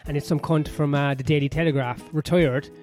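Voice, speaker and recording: An Irish podcast host rambles through a crude, sardonic, swear-filled comedic monologue from his sauna-area home in west London, with soft piano music behind him. His voice is a little high with fairly even intonation, and he speaks briskly.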